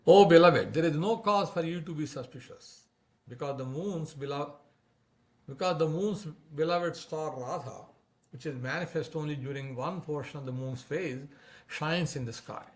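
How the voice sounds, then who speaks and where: A man voicing a charming young male divine lover who flatters and pleads in a raised, louder voice. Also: fairly high pitch, moderate pace, close to an everyday voice. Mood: coaxing.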